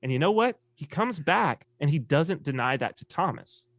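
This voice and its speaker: A man talking as a podcast guest in casual conversation, an animated storyteller who acts out quoted voices. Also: a little high, normal speed, no echo.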